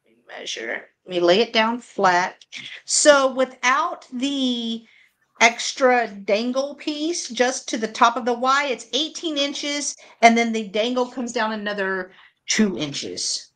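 Slow, lively-voiced woman hosting a sale. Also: a little high. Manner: chatty, upbeat auctioneering. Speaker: live sale host. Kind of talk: live selling chat.

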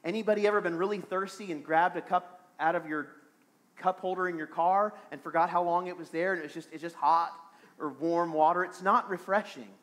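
A man's voice: sits high, fairly even intonation, fairly quick, a bit bright. A man preaching a sermon as pastor of a small church, earnest and repeating phrases for emphasis.

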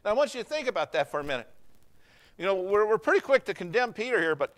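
A man preaching a sermon in a church service, folksy and conversational, swinging from hushed lines to loud ones. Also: high-pitched, big pitch swings, fast, low-quality recording. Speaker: pastor.

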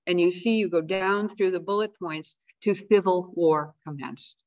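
A woman's voice: on the low side, moderate pace, a little mellow, no room sound. A woman historian giving a conversational public lecture about old newspapers and documents, with fillers and asides. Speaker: guest speaker, historian. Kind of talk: public history talk with slides. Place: lecture room of a historical society.

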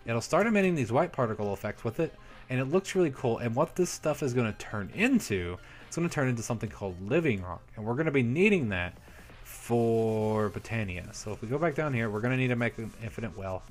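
A young man in casual gameplay commentary, chatty and upbeat as he talks viewers through his build. His voice sits at an ordinary middle pitch. Soft background music plays faintly under him. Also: lively intonation, a little fast. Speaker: Minecraft let's play host.

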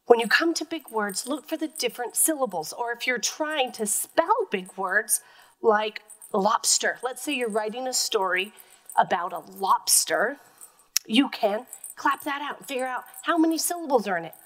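A woman's voice: on the high side, expressive, normal speed, a bit bright, rough recording. A woman teacher giving a phonics lesson to young children, patiently sounding words out letter by letter.

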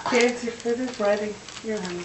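Actress as a cruel, loud hostess barking orders and mocking children. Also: female voice, a little high, normal speed, recorded from a distance, noisy background, lightly acted. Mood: bossy. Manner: loud, scornful commands. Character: cruel bossy woman mocking immigrant children.

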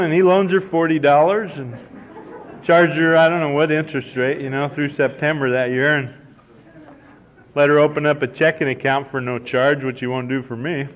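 A man's voice: fairly high pitch, normal speed, a bit bright. A man in his forties from Nebraska telling a folksy, self-deprecating personal story to a recovery meeting. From Nebraska, United States. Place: conference hall. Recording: dull, slightly hissy old cassette tape.

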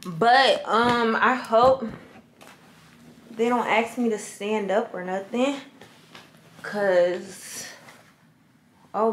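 A young woman chats to her camera in a casual vlog, slangy and unhurried, as if talking to friends. She keeps a relaxed, slow pace and speaks at an average pitch. A faint noise sits under her voice. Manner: chatty, slangy, talks straight to viewers as "y'all". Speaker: vlogger.

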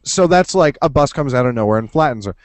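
An excitable man hosting a casual podcast, talking over a video call and swearing freely as he goes. His voice sits at a middle pitch and sounds close and dry, with no room around it. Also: no room sound. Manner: excitable, swears freely, slips into quick impressions. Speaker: podcast host. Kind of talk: casual chat. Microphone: computer over a video call.

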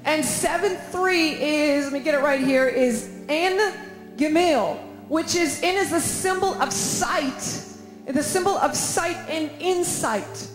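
A woman's voice: high voice, takes it slowly. A woman preaching and praying fervently at a conference, with emphatic, repeated phrases. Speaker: conference speaker. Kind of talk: sermon with prayer. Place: large conference hall. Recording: echoey hall with faint music.

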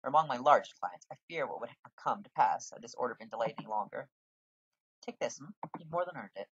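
A man's voice: medium pitch, expressive, fast, a bit bright, husky, no room sound, highs cut off. A man reading out a bossy male guildmaster from a role-playing game in a put-on lecturing voice.

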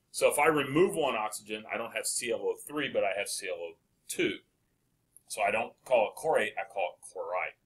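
A man lecturing a chemistry class with a bright, forceful voice. He poses questions to the room and answers them himself, praising right answers as he goes. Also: fairly low pitch. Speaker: chemistry teacher.

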